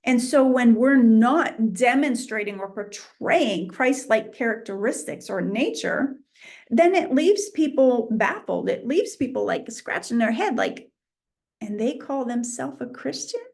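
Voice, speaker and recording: A middle-aged woman with a New England accent, teaching an informal Bible lesson in an animated way and acting out imagined voices. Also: on the high side, unhurried.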